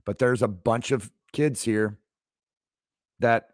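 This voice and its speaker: A man's voice: mid-range voice, fairly even intonation, slow, no room sound, studio quality. A man in his fifties hosting a leadership podcast, talking in an emphatic motivational monologue that repeats key phrases for effect. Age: 50s. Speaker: leadership coach, podcast host.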